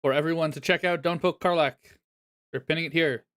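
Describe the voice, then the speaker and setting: A man's voice: a little high, fairly even intonation, a little fast, a bit bright. A man chatting casually on a live stream as he reviews viewers' decks, laughing often and poking fun at himself.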